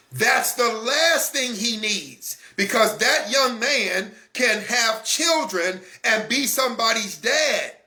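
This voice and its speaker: A man hosting a Christian broadcast, talking in an emphatic, intense way and hammering the same phrases over and over. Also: very high-pitched. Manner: intense, refuses to calm down. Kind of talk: impassioned broadcast talk. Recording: echoey room.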